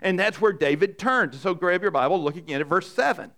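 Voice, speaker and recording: A man preaching a sermon to a congregation in a conversational, animated way, often asking the room questions. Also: sits high, fairly quick. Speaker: pastor. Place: church in front of a congregation.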